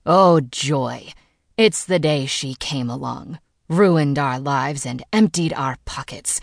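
A woman playing a scornful, hate-filled father, dripping with sarcasm. The voice is low and gravelly. It is recorded close and dry. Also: slow pace, no echo, exaggerated voice. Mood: sneering. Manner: sneering, sarcastic. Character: bitter, scornful immigrant father.

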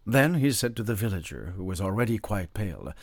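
A male audiobook narrator with a low, husky voice and a lively, varied melody. He reads a classic novel in a measured storytelling manner. The recording is close and dry. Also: dry recording.

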